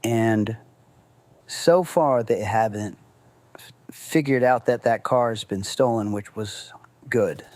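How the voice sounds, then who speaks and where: A man's voice: on the low side, slow pace, pauses often, a little mellow, dry recording. A man telling a true story from his own life in a loose, casual way, swearing and acting out what people said. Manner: loose and conversational, many fillers, swears, acts out quotes.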